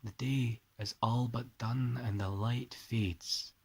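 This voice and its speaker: A man reading a sonnet slowly and tenderly in a put-on Scottish accent, with soft pauses. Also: mid-range voice, steady tone, slightly rough. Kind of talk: slow poetry reading.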